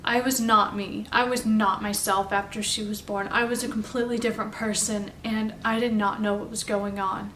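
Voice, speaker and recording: A young woman telling a personal story in a halting, confessional way, at home. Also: mid-range voice, flat delivery, recorded from a distance. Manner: halting, confessional, soft-spoken. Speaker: vlogger telling her story. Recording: roomy, off-mic, faint background noise.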